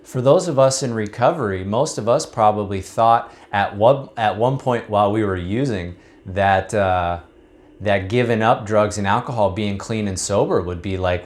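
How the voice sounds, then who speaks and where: A man with a low voice, speaking casually to camera as a recovery coach. He tells a story in a relaxed, conversational way and then draws out its lesson.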